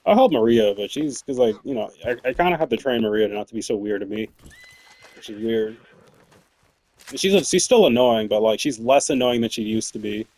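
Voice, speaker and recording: A man's voice: medium pitch, expressive, a little fast, a little mellow, no echo. A young man telling work stories in a casual, rambling way, swearing and laughing often. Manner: rambling, profane, laughs often, many fillers. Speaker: streamer. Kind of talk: casual storytelling while gaming.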